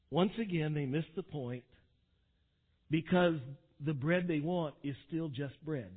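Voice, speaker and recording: A male pastor preaching a sermon, swinging from quiet asides to loud, dramatic quotations. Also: fairly high pitch, takes it slowly, pauses often, slightly rough. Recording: tinny phone-like sound.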